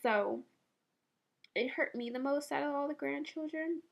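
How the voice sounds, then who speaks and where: A woman in her twenties from the Bay Area speaks through tears in a personal video. Her voice sits a little high and has a gravelly fry. She talks softly and haltingly, pausing often. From San Francisco Bay Area. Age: 20s. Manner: soft, halting and emotional. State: tearful. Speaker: vlogger. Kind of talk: personal memorial monologue.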